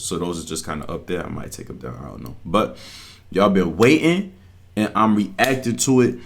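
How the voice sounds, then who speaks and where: A man's voice: low voice, creaky. A man hosting his own reaction channel, talking casually in slang and cutting in over a podcast clip.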